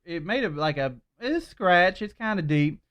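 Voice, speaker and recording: A man's voice: high-pitched, lively intonation, moderate pace, fairly bright tone, smooth. A man co-hosting a casual podcast, telling rambling, laid-back stories into a shared mic at home. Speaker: podcast co-host. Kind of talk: casual chat. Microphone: shared swivel mic.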